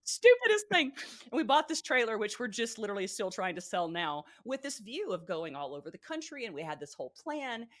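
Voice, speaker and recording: A middle-aged woman from Georgia, a podcast co-host telling stories in casual chat, lively and laughing often. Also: medium pitch, brisk, few pauses. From Georgia, USA.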